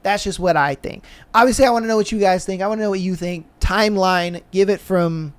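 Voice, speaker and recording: A man's voice: high voice, a little fast, clean tone. A man co-hosting a podcast, telling his theory in a loose, slangy way and acting out the people in it. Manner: animated, slangy storytelling that acts out quoted kids. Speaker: podcast co-host. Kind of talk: casual podcast chat.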